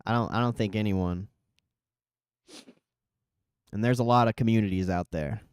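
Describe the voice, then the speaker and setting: Brief: male streamer, laid-back and profane, talking to chat, smooth clear tone, dry close sound. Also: fairly low pitch, normal speed, no room sound. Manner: relaxed, profane, reading chat aloud. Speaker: livestream host. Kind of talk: casual live stream chat.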